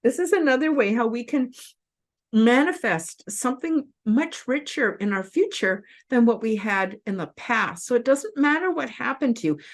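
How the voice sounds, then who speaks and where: A woman in her fifties hosting her own show, telling a personal story to camera in an earnest, openly emotional way, tearful and halting with restarts. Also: a little high, lively intonation. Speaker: host.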